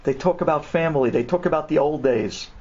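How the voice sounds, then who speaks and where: Rabbi guy telling a dramatic story, kinda high voice, dull lo-fi audio. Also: fairly quick. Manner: dramatic and animated, mixing in Hebrew phrases. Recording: dull lo-fi recording.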